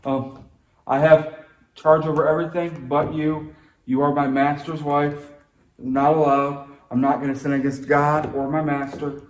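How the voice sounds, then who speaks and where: Guy playing an earnest young servant, firm and flustered, fairly high voice. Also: flat delivery, a little slow, echoey room, slight background noise, lightly acted, rough recording.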